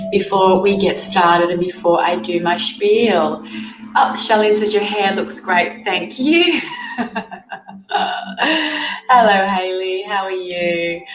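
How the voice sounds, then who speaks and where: An Australian woman with a cold hosts a casual livestream, greeting viewers by name and reading their comments aloud. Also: mid-range voice. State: has a cold. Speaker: livestream host, tarot reader. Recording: echoey room with music playing. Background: music.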